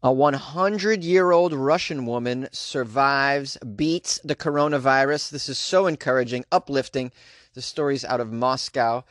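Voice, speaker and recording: A man hosting a comedic weird-news podcast, reading stories with animated jokey asides. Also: mid-range voice, unhurried, dry recording, clean studio sound. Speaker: podcast host.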